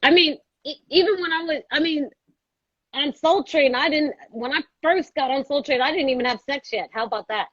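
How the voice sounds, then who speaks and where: A high-pitched woman from Brooklyn, New York, speaks at a moderate pace as a guest in a storytelling conversation. An actress, she's a lively storyteller who acts out the voices of people she quotes. The recording sounds dull and dry.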